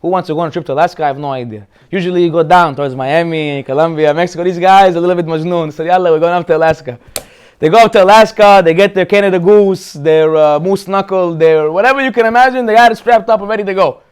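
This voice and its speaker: A man giving a Torah talk as a rabbi, telling stories in an animated way and acting out the characters. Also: high-pitched, quick pace, smooth. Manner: animated storyteller, acts out characters.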